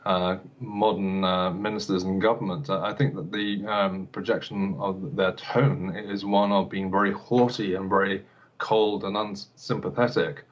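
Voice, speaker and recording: A man's voice: low-pitched, level tone, a little slow, highs cut off. A man, an elocution teacher, answering interview questions hesitantly, with many fillers and repeated words.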